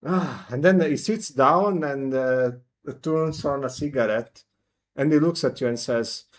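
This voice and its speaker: A man's voice: medium pitch, a little slow. Casual game master man. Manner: casual with many fillers. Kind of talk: narrating a tabletop game.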